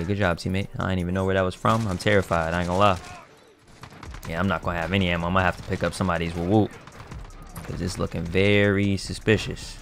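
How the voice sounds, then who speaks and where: A deep-voiced man with a gravelly, fry-heavy tone narrates his shooter match as he plays it. His talk is loose and full of slang, and he jumps from muttering to sudden yells. Faint music plays under his voice. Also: fairly quick. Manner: excitable, talks trash to other players, bursts into shouts; casual slang-heavy banter. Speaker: gaming YouTuber. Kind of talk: live gameplay commentary.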